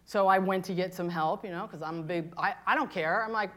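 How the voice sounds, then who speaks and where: A woman in her fifties, a pastor preaching a candid, confessional sermon, moving between hushed and impassioned. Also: fairly low pitch, fairly quick, hardly any pauses. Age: 50s.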